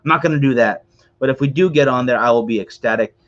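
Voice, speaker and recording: A man with a mid-range voice talks fast, and the recording's highs are cut off. He hosts a cigar morning show as a casual livestream, chatty and rambling, full of fillers and asides to his viewers.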